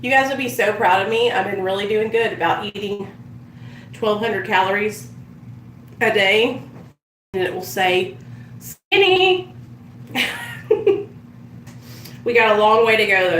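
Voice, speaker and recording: A woman's voice: medium pitch, a bit bright, reverberant, far from the mic, a little hiss or hum, low-quality recording. A woman chatting casually on a live stream, telling stories and swearing freely as she does her makeup. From United States. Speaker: vlogger.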